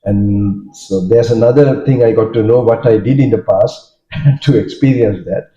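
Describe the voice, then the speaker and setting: Monk recounting stories in an echoey hall. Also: male voice, on the low side, warm tone. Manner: halting, storytelling, many fillers and restarts. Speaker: Buddhist monk giving a talk. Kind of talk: informal dharma talk. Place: hall with audience. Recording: dull echoey hall recording.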